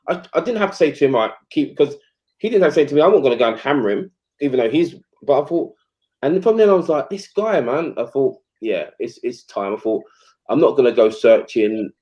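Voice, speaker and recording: A man tells stories from his playing days in a loose, animated way. He acts out other people's lines and piles on fillers. The sound is dull and a little lo-fi. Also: medium pitch. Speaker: former footballer guest. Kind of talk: casual storytelling chat.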